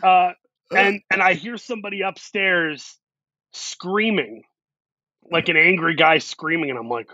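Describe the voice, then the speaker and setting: A man telling animated anecdotes as a guest in an interview, acting out what people said to him. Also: sits high, measured pace, no echo, highs cut off. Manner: animated anecdotes with quoted asides. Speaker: actor guest. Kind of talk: storytelling interview.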